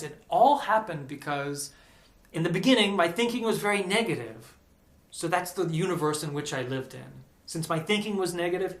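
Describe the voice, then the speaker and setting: A man telling a personal story in a casual, animated vlog, peppered with "like". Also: fairly high pitch, echoey room. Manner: animated, chatty, lots of "like".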